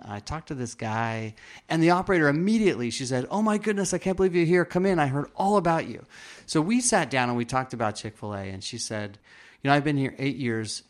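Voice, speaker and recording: Earnest man retelling a story. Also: mid-range voice. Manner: earnest, acts out quoted dialogue; frequent restarts and fillers. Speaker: interview guest. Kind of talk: personal storytelling.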